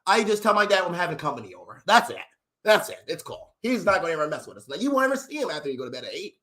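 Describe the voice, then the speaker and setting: A young man tells comedic stories at a rapid clip, swearing freely and jumping between character voices. His voice sits high for a man and swings widely in pitch. The delivery is loud and animated. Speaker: comedic storyteller.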